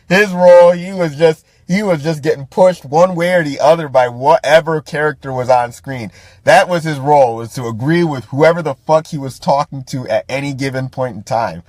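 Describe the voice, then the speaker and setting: A man's voice: fairly high pitch, moderate pace, darkish tone, no room sound. A man hosting a podcast, ranting about a movie in profane, casual commentary, laughing often and restarting his sentences. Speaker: podcast host.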